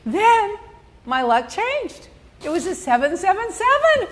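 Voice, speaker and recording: A middle-aged woman with a high, bright voice tells a story on her podcast. Her pitch leaps up and down as she acts out her own reactions, swinging from grumbling to exclaiming. It is easy, chatty storytelling. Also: unhurried. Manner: animated, exclamatory, quotes herself in big swings. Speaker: podcast host. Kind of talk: casual storytelling chat.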